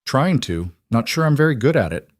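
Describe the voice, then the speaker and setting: A man's voice: medium pitch, very animated, brisk, no echo, studio quality, pitched above the performer's own voice, lightly acted. A man voicing a weary, self-mocking war veteran living alone as a mountain cowboy. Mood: rueful.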